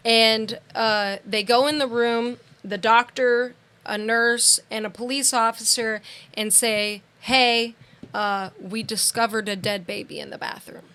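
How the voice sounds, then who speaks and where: A woman's voice: a little high, measured pace, clean tone. A young woman co-hosting a podcast, retelling a true-crime case in casual chat with lots of "like"s and acted-out quotes. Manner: animated storytelling, many "like"s and quoted voices. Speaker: podcast co-host.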